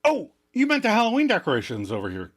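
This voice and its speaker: A man's voice: high-pitched, huge pitch swings, fast talker, voice pushed up, exaggerated voice. A man doing a flustered divorced dad. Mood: fussing. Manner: flustered, eager to please. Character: fussy divorced dad building a dummy of his son. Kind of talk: comedy sketch.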